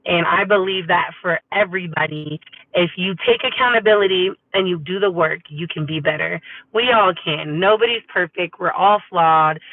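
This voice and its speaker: A woman's voice: fairly low pitch, no echo. A woman from California chatting upbeat and casually with her viewers as a livestream host, calling them y'all. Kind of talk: casual live chat to viewers. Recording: tinny phone-like audio, dry.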